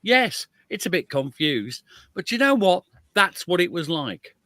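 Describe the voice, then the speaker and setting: British male guest historian, animated and chuckly, bright tone, fairly high voice. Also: measured pace, no room sound. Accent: British English. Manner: lively, chuckling, self-deprecating asides. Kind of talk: animated conversational storytelling.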